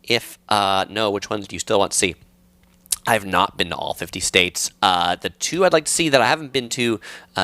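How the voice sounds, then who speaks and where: Lively low creaky man, live chat host. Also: dry recording. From Southern California. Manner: relaxed, chatty, many ums and uhs, searches for words. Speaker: travel channel host answering live chat. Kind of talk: casual live-stream Q&A, reading chat comments.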